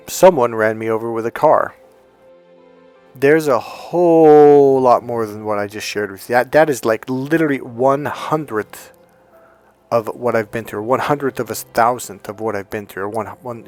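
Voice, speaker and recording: A man's voice: mid-range voice, moderate pace, a little mellow, soft background music. A man hosting a dating advice talk, telling his own story in a candid, emphatic way and repeating phrases for stress. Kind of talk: personal storytelling monologue.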